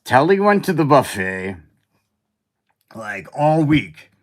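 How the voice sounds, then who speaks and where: A man's voice: mid-range voice, slow pace. A man hosting his own show, chatting casually and rambling with lots of fillers and asides. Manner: rambling and animated, with fillers and side remarks. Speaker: host. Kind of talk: casual chat about toy collecting.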